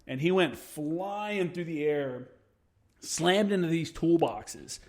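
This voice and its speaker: A man's voice: fairly high pitch, slow. A man in his thirties, a military veteran, telling a war story in casual podcast chat, swearing freely and acting out the quotes. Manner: profane, animated storyteller who acts out quotes.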